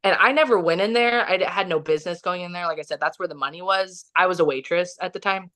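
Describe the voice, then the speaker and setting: A Kansas City, Missouri woman speaks quickly in a lowish, slightly bright voice while guesting on a podcast. Telling a story in a relaxed, wandering Midwestern way, she uses "like" heavily and often restarts.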